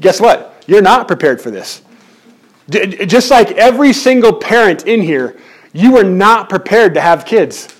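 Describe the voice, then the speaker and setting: A man preaching a sermon in church, animated and jokey, often restarting his words. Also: sits high, unhurried, husky. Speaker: pastor.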